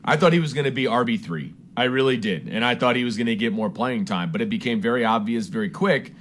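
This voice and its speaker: A man's voice: medium pitch, animated, fast talker, fairly bright tone. A man co-hosting sports talk radio, laid-back but emphatic when giving his opinions.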